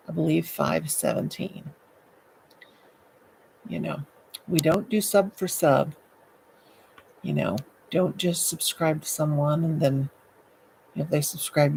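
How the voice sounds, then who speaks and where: A woman's voice: deep voice, creaky, a little mellow, slight background noise, poor audio. An older woman hosting a late-night live stream from home, chatty and goofy, greeting viewers by name into her laptop. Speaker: livestream host. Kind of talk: casual live chat with viewers.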